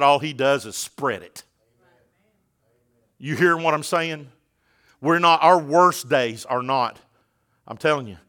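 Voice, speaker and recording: A man's voice: mid-range voice, clean tone. A man, preaching a sermon as pastor, building to fervent peaks and asking the congregation direct questions. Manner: fervent preaching, rising to a near-shout at climaxes.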